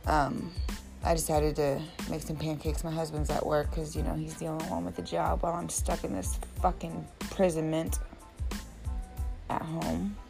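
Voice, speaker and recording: Low-voiced woman ranting with heavy swearing. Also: little pitch movement, moderate pace, vocal fry, over music. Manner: exasperated, heavy swearing, blunt. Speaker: vlogger telling about her day. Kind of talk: casual profane rant.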